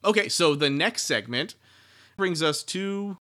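A man's voice: a little high, animated, measured pace, pushed and bright. A man co-hosting a casual book-discussion podcast, rambling and laughing, with lots of restarts. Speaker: podcast co-host.

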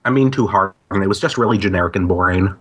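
A man's voice: sits low, rapid-fire, a bit bright, husky. A man chatting on a podcast about movies, blunt and dismissive in his opinions.

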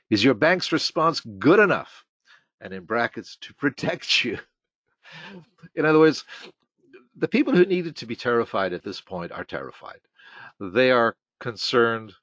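A man's voice: fairly low pitch, no echo. A middle-aged man hosting a casual monologue series. He reads old conference topic titles aloud and adds wry, emphatic commentary on each. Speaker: host of a retrospective series.

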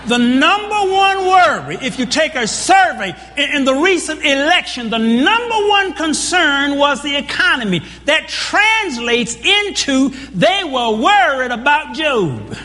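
A man preaches in a church with a very high, lively voice that swoops up and down. His tone is bright and sharp, and he presses his points with questions to the congregation and repeated words. A long hall reverb trails every phrase. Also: unhurried, few pauses. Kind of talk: sermon.

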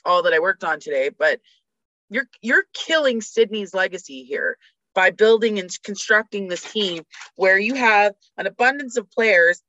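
A woman rants about sports and rattles off statistics in a bright, forceful voice. The recording is dry and slightly dull. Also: mid-range voice, expressive, moderate pace, dry recording. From Canada. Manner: fired-up ranting, rattling off stats. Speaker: podcast guest. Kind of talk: casual sports chat.

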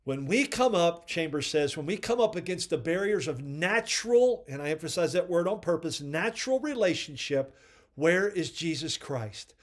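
A man's voice: fairly high pitch, expressive, normal speed, few pauses. A man hosting a devotional podcast, earnestly preaching and commenting on quoted readings. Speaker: podcast host.

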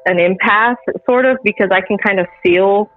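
Animated woman telling a story over a tinny line. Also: mid-range voice, moderate pace. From Central Texas. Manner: animated, laughing often, acting out quoted lines. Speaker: guest. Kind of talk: casual storytelling.

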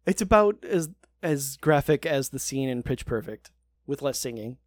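A man's voice: mid-range voice, expressive, moderate pace. A man co-hosting a podcast, recapping a TV show in casual, sarcastic chat and swearing freely.

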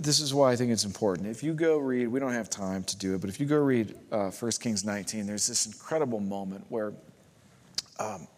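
Emphatic male pastor in reverberant hall. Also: medium pitch. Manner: emphatic, builds to loud climaxes; repeats phrases for rhythm. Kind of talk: sermon.

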